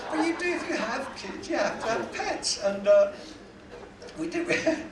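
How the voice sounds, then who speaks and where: A man's voice: very high-pitched, lively intonation, normal speed, over a noisy crowd. A man doing a stand-up comedy set, delivering punchlines and acting out quotes. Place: cruise ship cabaret room. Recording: echoey room, distant mic, loud audience noise.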